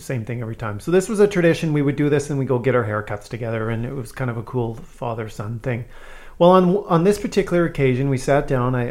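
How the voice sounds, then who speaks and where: A man from Saskatchewan, Canada, telling a childhood story on a podcast, self-mocking and animated. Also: medium pitch. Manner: animated, self-mocking, acts out scenes in loud voices. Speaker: podcast host. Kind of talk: casual storytelling.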